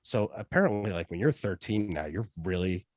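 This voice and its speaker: A man co-hosting a podcast, chatting casually over beers and telling a joking family story in an animated way. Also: on the low side, a little fast, dry recording, clean studio sound. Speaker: podcast co-host.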